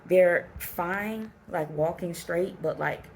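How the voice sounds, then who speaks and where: A woman vlogger with a low, gravelly voice, chatting to the camera about a trip. She rambles, restarts her sentences and exclaims often, with faint ambient sound in the background. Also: slow pace, darkish tone, slight background noise. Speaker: travel vlogger. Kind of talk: casual trip recap to camera.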